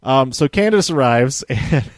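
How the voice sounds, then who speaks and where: A man's voice: mid-range voice, animated, unhurried, dry recording. A man casually reviewing a wrestling episode from handwritten notes, rambling with many fillers and restarts.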